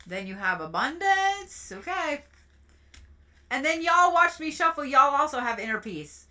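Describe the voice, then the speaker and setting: A woman's voice: high-pitched, very animated, a little slow, bright, forceful tone. A woman giving casual zodiac card readings on a livestream, chatty and playful, swearing and giggling as she goes. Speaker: reiki practitioner and tarot reader.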